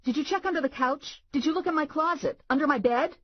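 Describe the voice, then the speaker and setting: A woman voicing a rattled young female bounty hunter, shrill and jumpy, in an audiobook. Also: fast talker, no room sound, highs cut off, natural voice.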